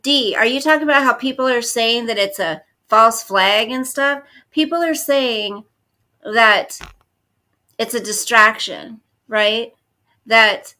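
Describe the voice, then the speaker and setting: A woman's voice: medium pitch, sharp tone. A woman in her fifties chatting casually on a livestream, reading and answering viewer comments. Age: 50s. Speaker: livestream host.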